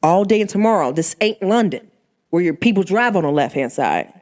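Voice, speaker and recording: A woman hosting her own show, telling a story in an animated, emphatic way and punctuating it with sharp interjections. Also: fairly low pitch, fairly quick. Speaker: podcast host. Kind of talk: storytelling monologue.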